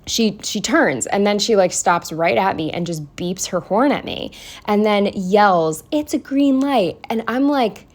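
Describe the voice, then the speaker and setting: A woman in her twenties chatting casually through her planner week, swearing freely and filling pauses with "um" and "like". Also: mid-range voice, expressive. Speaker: planner vlogger. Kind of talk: casual chat.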